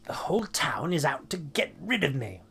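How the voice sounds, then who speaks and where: A man's voice: a little high, sing-song, normal speed, vocal fry, a bit bright, slight background noise, heavily acted. A man voicing an indignant, fussy male alchemist merchant, complaining in a pompous, aggrieved way.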